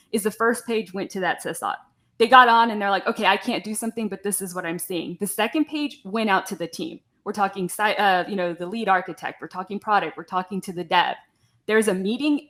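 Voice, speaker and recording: A woman's voice: mid-range voice, fairly bright tone. A woman speaking on a panel over a video call, direct and emphatic as she recounts an example. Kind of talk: panel discussion.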